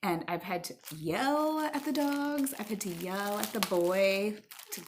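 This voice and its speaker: A middle-aged woman tells a meandering story at home, full of ums and little restarts. Her voice sits at an ordinary middle pitch, with faint noise behind her. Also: lively intonation, a little slow. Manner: chatty, rambling with fillers, stops to talk to her child. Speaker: vlogger. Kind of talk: casual storytelling to camera.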